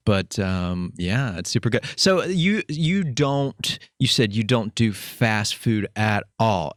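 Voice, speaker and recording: A man's voice: fairly low pitch, animated, takes it slowly, dry recording, studio quality. A man hosting a podcast interview in a chatty, joking way, laughing at his own quips. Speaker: podcast host. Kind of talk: casual interview.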